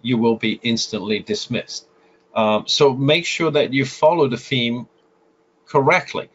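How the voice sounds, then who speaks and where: A man's voice: medium pitch, unhurried, fairly bright tone, slightly rough. A man with a French accent, a guest photographer giving advice in an interview, explaining with frequent filler sounds and restarts. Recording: slightly muffled lo-fi audio.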